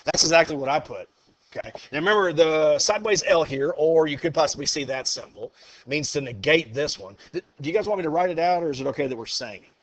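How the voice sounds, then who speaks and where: Male math teacher in a classroom, upbeat and encouraging, voice a bit high. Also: fast. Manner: upbeat, encouraging, thinks aloud. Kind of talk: classroom lecture.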